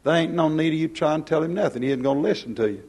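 A man preaching a plain-spoken, folksy sermon, swinging from loud to hushed. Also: a little high, racing, husky.

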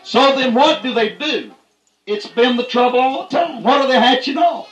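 A man preaching a fiery, folksy sermon, punctuating his points with "that's right" and rising to shouts. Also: very high voice, normal speed, echoey room, muffled recording, soft background music.

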